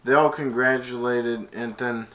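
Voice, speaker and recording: A man's voice: medium pitch, steady tone, measured pace, fairly bright tone. A man casually retelling a movie plot, rambling, laughing and acting out the quotes. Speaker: movie reviewer.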